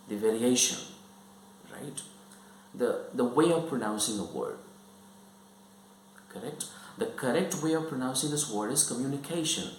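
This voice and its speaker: A man teaching a lesson, repeating words and checking understanding again and again. His pitch moves a lot as he explains. The room sounds echoey, with a faint hum underneath. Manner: repetitive, checks understanding often. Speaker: English teacher.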